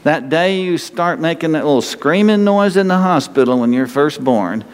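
A man with a North Texas accent, a pastor giving a lively, conversational sermon full of rhetorical questions. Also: on the high side, moderate pace, in a large hall.

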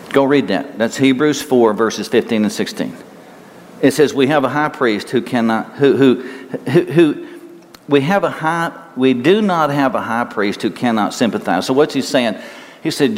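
An older man preaching a sermon in a conversational, folksy way, repeating words as he goes. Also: medium pitch. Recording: long hall reverb.

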